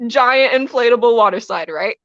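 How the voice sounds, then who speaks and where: A woman's voice: fairly high pitch, expressive, normal speed, a bit bright, no room sound, highs cut off. A woman wrestler guest telling a story in a casual interview, laughing often as she talks. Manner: giggly, laughs often while telling stories.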